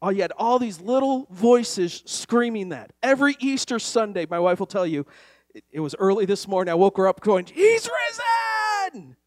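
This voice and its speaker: A man preaching a sermon to a church congregation, telling a story and then building to loud call-and-response exhortation. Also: sits high, a little fast, no room sound, studio quality. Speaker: pastor.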